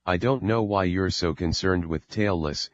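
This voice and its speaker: A stubborn young man in a storybook, quick to argue, voiced by a man reading in his own low voice. The sound is dry and a little dull. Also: no echo, close to an everyday voice. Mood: arguing. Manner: stubborn, argumentative.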